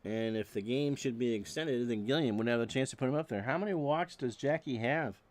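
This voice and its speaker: A man doing solo play-by-play of a simulated old baseball game, reading stats with dry jokes and getting loud on big plays. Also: mid-range voice, brisk. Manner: dry joking asides between stats, erupts on big plays. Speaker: play-by-play announcer.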